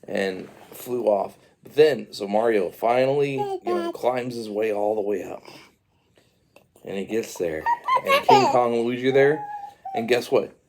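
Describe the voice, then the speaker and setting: A man's voice: mid-range voice, huge pitch swings, unhurried, noisy background. A man telling his baby a rambling, improvised story, full of fillers and asides.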